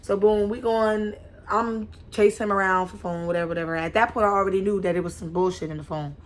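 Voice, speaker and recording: A woman's voice: mid-range voice, fast talker. Slangy young woman telling a story. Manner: animated, slangy, repeats and restarts often. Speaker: vlogger. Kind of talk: casual storytime monologue.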